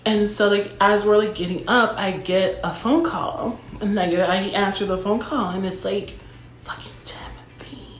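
A woman's voice: medium pitch, moderate pace, few pauses, a little hiss or hum. Chatty young woman in a roomy space. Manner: chatty, heavy filler words, dramatic asides. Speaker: vlogger telling a story. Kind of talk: casual storytime monologue. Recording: roomy echo.

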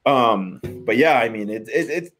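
A man in his thirties, a former college pitcher, talking baseball in a rambling, casual podcast chat, often repeating words as he thinks. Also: expressive, moderate pace, fairly bright tone, soft background music.

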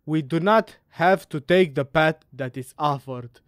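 Woman doing a mysterious man, solemn, declaiming, low and measured, dry sound. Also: no echo. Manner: grave, declaiming. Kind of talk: reading a game letter aloud in a voice.

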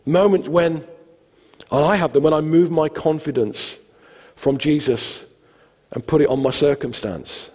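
A man preaches a sermon with a fairly high voice, talking the way he would chat and acting out the quotes with life. The sound carries a long reverb from a church hall. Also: a little slow, slightly rough. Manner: conversational, animated storytelling with acted quotes. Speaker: pastor.

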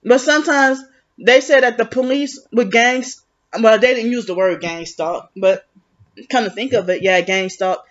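A woman's voice: on the high side, moderate pace. Agitated woman. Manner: agitated, accusatory, with many restarts. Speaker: vlogger. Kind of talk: rambling confessional monologue. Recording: muffled lo-fi recording.

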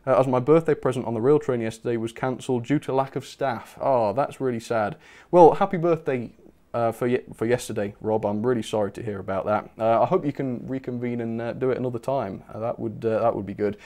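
A man's voice: mid-range voice, brisk, mellow. A man hosting a live stream, chatting casually and reading out viewer messages with bursts of enthusiasm. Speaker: channel host.

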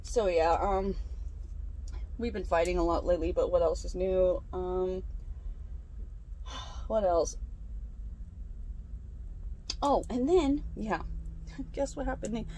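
A woman's voice: fairly low pitch, takes it slowly, long pauses, mellow. A young woman chatting casually while she crafts, venting and swearing freely. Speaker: craft vlogger.

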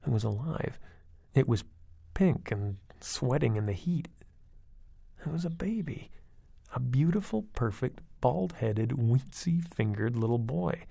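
A man's voice: medium pitch, lively intonation, a little slow, gravelly, dark tone, husky, no room sound. A man narrating a first-person horror story in a wry, conversational storytelling manner. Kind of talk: audiobook reading of a horror story.

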